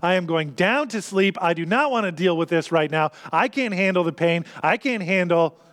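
A man acting out a weary man in denial who only wants to go down and sleep, with a stubborn, flat way of refusing. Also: high voice, normal speed.

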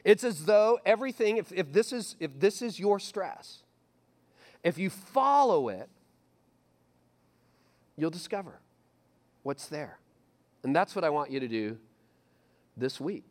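A middle-aged man preaching a sermon as pastor, animated and repetitive, acting out his listeners' inner voices. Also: high-pitched, unhurried, pauses often.

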